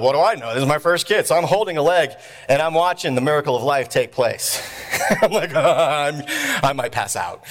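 A man in his thirties, preaching through a comic story from his life. His voice sits a little high and swings widely as he acts out each person, breaking into shouts and chuckles. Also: long reverb tail. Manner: animated storyteller acting out voices, with shouts and laughs. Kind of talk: humorous sermon storytelling.

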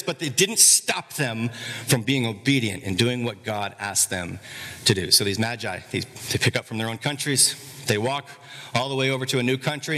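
Bright forceful male preacher. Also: mid-range voice, long reverb tail. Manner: animated storytelling, acts out characters. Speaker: pastor. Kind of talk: sermon.

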